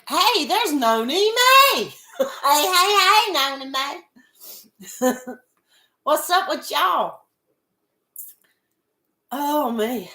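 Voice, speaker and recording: A woman's voice: on the high side, a bit bright, roomy sound. A woman hosting a casual livestream chat, stuffed up with a head cold, greeting viewers by name and chuckling often. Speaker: livestream host.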